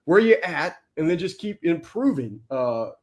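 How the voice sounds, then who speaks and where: Male guest, blunt and preachy, slightly high voice. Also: sing-song, unhurried, darkish tone. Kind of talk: motivational casual talk.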